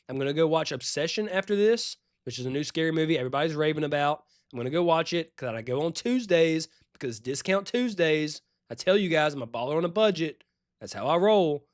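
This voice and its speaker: A man with a Louisiana accent, chatting and joking as he streams a retro game, now and then yelping with excitement. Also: on the high side, dry recording, clean studio sound. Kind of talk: casual live-stream commentary. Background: faint game music.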